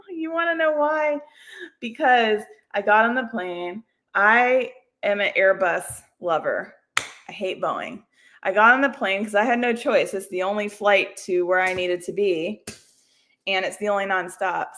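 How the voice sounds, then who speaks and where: A woman with a mid-range, fairly bright voice chats rambly on a casual livestream. She laughs frequently and often teases herself.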